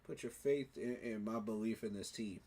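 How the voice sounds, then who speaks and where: A man's voice: on the low side, normal speed, mellow. A man giving an emotional, preacher-like fan monologue, repeating his phrases for emphasis. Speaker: sports fan commentator.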